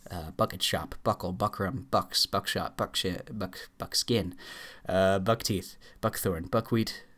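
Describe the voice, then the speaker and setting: A man with a fairly low voice races through a dictionary, reading words aloud one after another. He trips over entries, backs up and fills gaps with quick "uh"s as he pushes on. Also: fairly bright tone. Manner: rattles off words in quick lists, stumbles and fillers. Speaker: YouTuber. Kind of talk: rapid dictionary read-aloud challenge.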